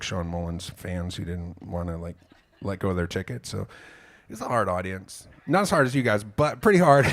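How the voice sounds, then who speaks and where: A man, a singer-songwriter, talking to a live audience between songs in a small club, telling a meandering, self-mocking story with casual swearing. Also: lowish voice. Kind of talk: rambling stage banter between songs.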